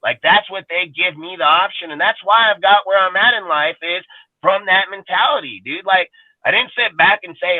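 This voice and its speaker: A man's voice: on the high side, fast talker, no room sound. A man hosting a live sports fan show, ranting bluntly with constant swearing from inside a parked car. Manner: blunt, heavy swearing, repeats "bro" and "dude". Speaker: podcast host. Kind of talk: profane fan rant on a live stream. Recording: dry, tinny phone-quality audio.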